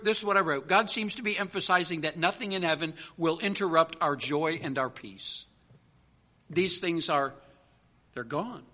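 Bright high-voiced preaching man. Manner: rhythmic preaching with repeated lists and slowed emphasis. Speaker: pastor. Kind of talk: sermon.

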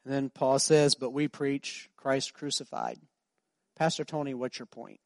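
A man preaching a sermon, telling a story and building to loud, emphatic preaching. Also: medium pitch, steady tone, unhurried, no echo, studio quality. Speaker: pastor.

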